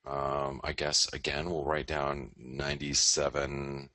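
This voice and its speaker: A man's voice: rumbling low, monotone, takes it slowly, pushed and bright, no echo. A man hosting a live forex market show, rambling casually through charts and often correcting himself.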